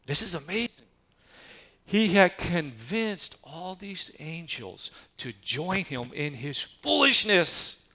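A man's voice: on the high side, sing-song, slow, sharp tone. A man preaching a sermon, reading scripture and calling questions out to the congregation. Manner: emphatic preaching with call-and-response questions to the congregation. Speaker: pastor.

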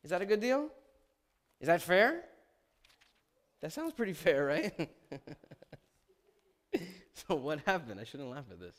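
Animated man preaching a sermon. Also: fairly high pitch, slow pace, long pauses. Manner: animated, asks the congregation questions, dramatizes quotes. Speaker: pastor.

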